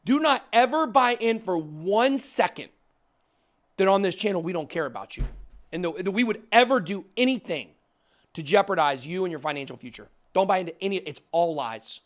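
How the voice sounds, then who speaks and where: A man hosting a crypto talk show, emphatic and excitable, ranting into the camera. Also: sits high, normal speed. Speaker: crypto channel host. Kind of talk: fired-up casual talk on camera.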